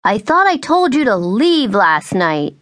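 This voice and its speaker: A woman voicing an angry, drunk middle-aged mother who shouts in a strained, cracking voice. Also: mid-range voice, very animated, unhurried, dry recording, clean studio sound. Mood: indignant.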